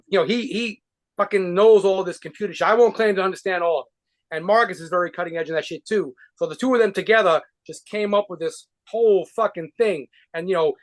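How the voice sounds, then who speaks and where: New guy with a highish voice, rambling and cursing through a casual interview, lots of restarts. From New York. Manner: rambling, profane, with frequent restarts and laughs. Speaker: guitarist and band leader being interviewed.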